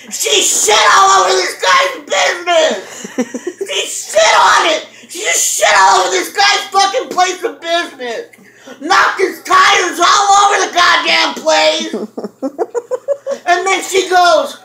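Loud, shrill woman ranting in a roomy space. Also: expressive, slow pace. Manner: yelling, laughing and cursing through a rant. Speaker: storyteller. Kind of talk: loud profane storytelling. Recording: roomy echo.

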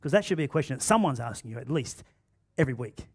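A man with an Australian accent preaching a sermon in a church, swinging between loud emphatic bursts and quiet asides. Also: on the high side, animated, rapid-fire. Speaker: pastor. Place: church auditorium.

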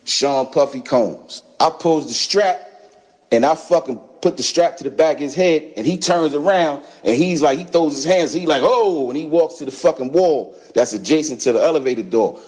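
A man's voice: on the high side, moderate pace, darkish tone. A man from Brooklyn, telling a story in casual profane speech and acting out what others said. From Brooklyn, New York. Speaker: storyteller recounting an event. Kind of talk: casual spoken recollection.

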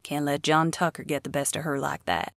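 A woman voicing a gruff middle-aged father who speaks in low, muttered asides, in a dry recording. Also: little pitch movement, fairly quick, no room sound. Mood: muttering.

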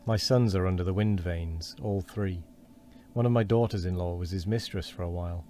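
Wheezy old man, fearful and gossipy, deep and dark, read by a man; faint hiss. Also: moderate pace, lightly acted. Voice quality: wheezy, quavering.

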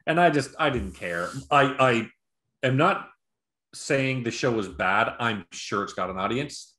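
A man's voice: mid-range voice, unhurried, echoey room. A man co-hosting a podcast, chatting casually and rambling through a show review with profanity and acted-out quotes. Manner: rambling, profane, animated retelling with impressions. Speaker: podcast co-host. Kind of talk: casual chat, movie review. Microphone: video call.

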